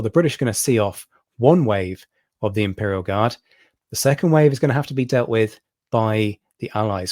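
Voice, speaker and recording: A man's voice: on the low side, darkish tone, dry recording, studio quality. A man hosting a history livestream, explaining a battle in detail with frequent ums and restarts. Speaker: history channel host.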